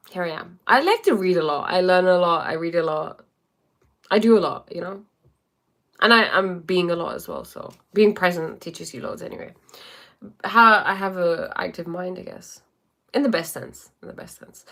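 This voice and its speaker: A woman's voice: lowish voice, fairly bright tone. A woman life coach chatting casually on a livestream, rambling with many fillers and answering viewer comments.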